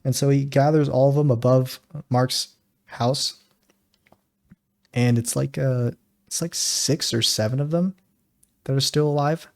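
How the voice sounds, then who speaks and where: Male podcast co-host, loose and animated, retelling plot points in casual chat. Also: medium pitch, a little slow, vocal fry, pauses often. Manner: animated recapping storyteller.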